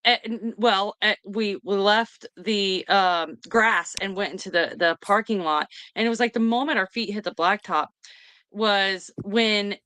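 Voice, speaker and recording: A woman, hosting a casual chat and retelling a story in an excited, rambling way. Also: medium pitch, unhurried, clean tone, no echo. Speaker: host.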